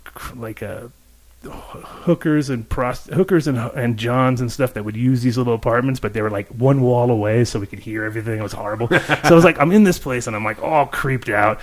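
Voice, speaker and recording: A man in casual podcast chat, telling an animated story with plenty of swearing and laughter mid-sentence. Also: medium pitch, brisk.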